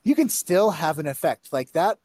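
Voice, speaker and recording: A man talking casually on a podcast about a talk he gave. He tells stories with plenty of restarts and an animated, rambling delivery. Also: fairly high pitch, moderate pace, slight background noise. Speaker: conference speaker.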